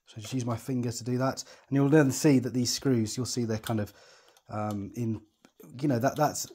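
A man's voice: medium pitch, a little mellow. A man explaining telescope setup step by step while he works, chatty and reassuring, often thinking aloud. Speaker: telescope tutorial presenter. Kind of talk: hands-on setup tutorial.

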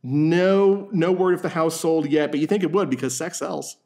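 A man's voice: on the high side, normal speed, a little mellow. A man hosting a podcast, telling a story in casual comedic chat with a wry, joking manner. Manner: wry storyteller, laughs often. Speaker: podcast host.

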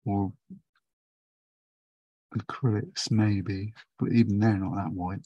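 A man's voice: lowish voice, steady tone, takes it slowly, mellow, dry recording, muffled recording. Rambling man demonstrating watercolours. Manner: rambling, chatty, thinks aloud while painting. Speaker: watercolour tutor. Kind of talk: casual painting demonstration.

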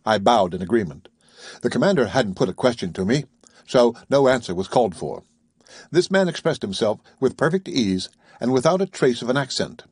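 A man's voice: mid-range voice, sing-song, fairly quick, darkish tone, breathy edge, no room sound, clean studio sound. A man narrating a classic novel as an audiobook, reading steadily and evenly.

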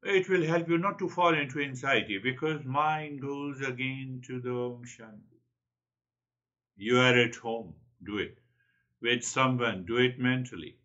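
A man's voice: medium pitch, measured pace, pushed and bright, dull audio. A man giving a spiritual talk, earnest and repeating his key phrases. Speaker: spiritual teacher.

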